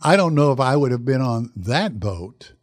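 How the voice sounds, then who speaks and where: A pastor preaching a sermon, telling a Bible story dramatically and putting questions to the congregation. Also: male voice, medium pitch, lively intonation, moderate pace, no echo, studio quality.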